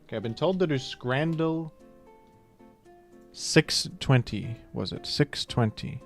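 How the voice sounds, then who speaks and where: A man's voice: mid-range voice, takes it slowly, soft background music. A young adult man streaming a guessing game, chatting casually, laughing often and tossing in mock accents for jokes. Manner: playful, laughs often, mock British impressions. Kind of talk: casual live-stream commentary.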